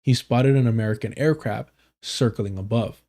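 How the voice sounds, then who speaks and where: Dark-voiced male streamer, casual. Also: mid-range voice, normal speed. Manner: casual, swears, stumbles over names and restarts. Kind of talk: live-stream commentary, reading an article aloud.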